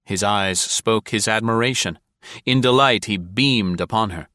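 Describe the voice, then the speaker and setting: A man narrating an audiobook in a measured, formal storytelling manner. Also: on the low side, sharp tone, dry recording, clean studio sound.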